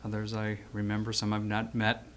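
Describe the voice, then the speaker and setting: A man's voice: on the low side, completely flat delivery, fairly quick, fairly bright tone, a little hiss or hum. A man around seventy reading a prepared eulogy for an old friend, hesitant at first and then telling stories with acted-out quotes.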